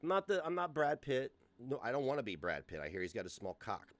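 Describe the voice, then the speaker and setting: Animated, profane man in his forties. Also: medium pitch, quick pace, dry recording. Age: 40s. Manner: profane and mocking, laughs often. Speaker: host. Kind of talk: casual livestream rant.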